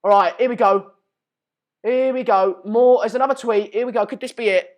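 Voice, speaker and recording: A young man with a fairly high voice rants excitedly through a live football news reaction. He talks fast and loose, mocking and exasperated by turns, as the host of his own channel.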